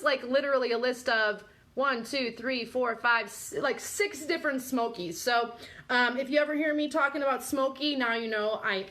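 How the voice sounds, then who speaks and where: A woman's voice: a little high, a bit bright. A woman hosting a live quiz show who keeps dissolving into giggles as she quizzes her listeners. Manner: giggly, breaks into helpless laughing fits. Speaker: podcast host.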